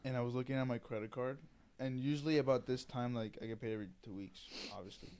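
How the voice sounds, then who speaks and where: A man's voice: mid-range voice, fairly even intonation, fast, darkish tone, clean tone. A man in his mid-twenties, co-hosting a podcast, talking in a laid-back, crude, joking way. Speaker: podcast co-host. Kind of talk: casual chat.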